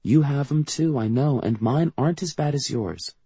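A man reading an audiobook, voicing a teenage girl who pleads softly with her brother. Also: mid-range voice, normal speed, breathy edge, no echo, pitched above the performer's own voice. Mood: earnest. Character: teenage girl Mel, worried sister.

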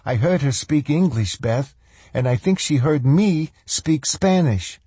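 A man's voice: a little high, expressive, a little slow, warm tone, breathy edge, no room sound, voice pushed up. A man reading a novel aloud, voicing a blunt, tough-talking woman in a raised voice. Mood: urgent.

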